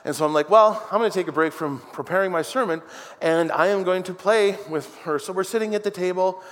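A man pastor preaching a sermon in an animated, jokey way that builds to shouted declarations. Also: sits high, brisk. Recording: long hall reverb.

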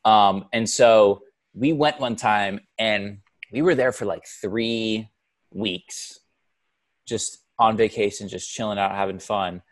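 Man, podcast co-host, lowish voice, animated storytelling, lots of fillers. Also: slow. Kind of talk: casual chat.

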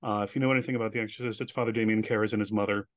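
A man as an interview guest, telling animated stories and acting out the voices of people he quotes. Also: lowish voice, racing, no echo, studio quality. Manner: animated storyteller who acts out quoted voices. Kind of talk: casual storytelling interview.

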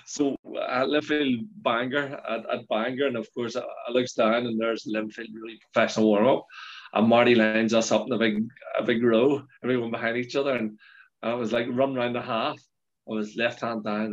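Middle-aged Northern Irish ex-footballer, loose chatty anecdotes, muffled lo-fi audio. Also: male voice, mid-range voice. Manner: rambling anecdotes with frequent laughs and restarts. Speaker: former footballer guest. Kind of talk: casual storytelling chat. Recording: dull lo-fi sound.

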